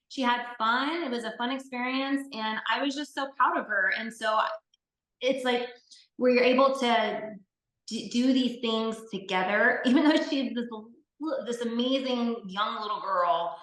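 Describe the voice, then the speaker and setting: A woman's voice: fairly high pitch, a little slow, a bit bright. A woman speaking as an interview guest and bodybuilding competitor. She tells her story in a casual, earnest and heartfelt way, with many fillers. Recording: echoey room.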